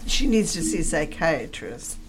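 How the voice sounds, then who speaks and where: A woman's voice: low-pitched, big pitch swings, moderate pace, rough recording. A woman co-hosting a podcast, chiming in with film quotes and short interjections during a casual recap. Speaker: podcast co-host. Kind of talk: casual movie recap chat.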